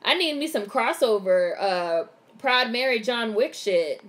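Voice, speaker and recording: A young woman vlogger giving a casual live movie reaction, excitable and swearing freely as she narrates what happens on screen. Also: a little high, measured pace, few pauses.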